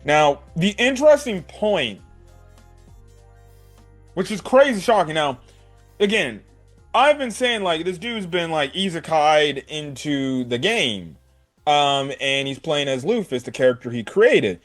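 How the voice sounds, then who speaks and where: A man giving a casual, animated recap of an anime episode, swearing and saying "like" a lot. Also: on the high side, measured pace, faint music behind. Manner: animated, swears, many "like"s and "right?". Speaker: anime reviewer.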